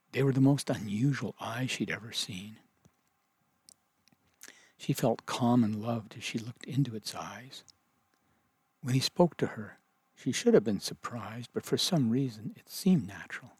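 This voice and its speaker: A man reading a children's story aloud as narrator, in gentle, measured storytelling. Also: mid-range voice, breathy edge, dry recording.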